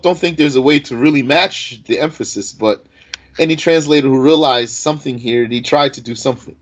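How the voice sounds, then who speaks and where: In a low-quality recording, a man with a mid-range voice gives an informal Arabic grammar lesson. He speaks slowly and deliberately, reciting Arabic text before explaining it in English.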